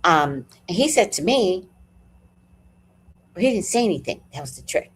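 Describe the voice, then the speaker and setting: A woman's voice: lowish voice, moderate pace, a little hiss or hum. A woman hosting a live talk, chatting casually and profanely, telling a personal story and acting out what people said. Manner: animated, profane, storytelling with acted-out quotes. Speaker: host. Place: at home.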